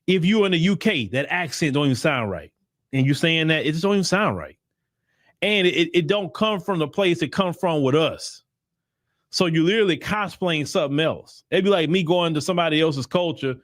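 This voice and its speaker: A man's voice: fairly high pitch, fairly quick, no room sound, clean studio sound. A man giving blunt, emphatic opinion commentary in casual slang, often repeating himself for emphasis. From United States. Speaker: commentary channel host.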